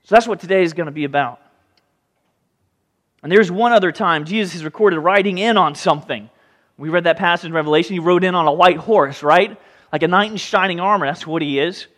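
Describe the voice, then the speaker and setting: A man preaching a sermon as pastor, lively, often acting out the voices of people in the story. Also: high voice, brisk. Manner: animated, acts out voices in the story. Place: church sanctuary. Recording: hall reverb.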